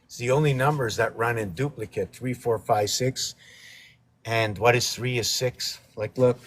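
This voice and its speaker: A man's voice: medium pitch, moderate pace, a bit bright. A man hosting a casual painting livestream, rambling playfully through wordplay and letter puzzles. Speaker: livestream host painting on camera.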